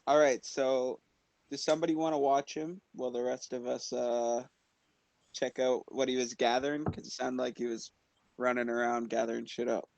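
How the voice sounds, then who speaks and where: A man's voice: mid-range voice, little pitch movement, moderate pace, gravelly, a little mellow, no room sound, dull audio. A man playing a tabletop game in casual chat, laughing often and filling his talk with "like". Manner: laughing often, filler-heavy. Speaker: player.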